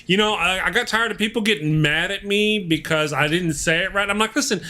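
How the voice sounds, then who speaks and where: A talkative, joking man co-hosting a casual livestream, pushing his points with insistence. His tone is bright and slightly high, and he talks through a home mic on a video call. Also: brisk. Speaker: co-host.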